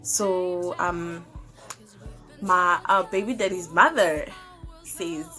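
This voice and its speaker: Young woman, South African accent, casual storytime, lively and profane, faint music behind. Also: on the low side, drawn-out words. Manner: animated, swearing, hesitant fillers. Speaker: YouTuber.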